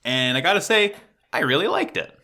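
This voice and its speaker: A man co-hosting a podcast, chatting excitably and swearing often. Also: fairly high pitch, a little fast. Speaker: podcast co-host. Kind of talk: casual chat.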